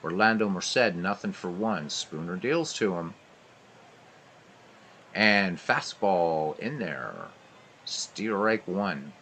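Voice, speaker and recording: A man calling pitch-by-pitch baseball play-by-play, rising excitedly on big plays and dropping in dry asides. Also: slow, pauses often, a little hiss or hum. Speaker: play-by-play broadcaster of a simulated baseball game.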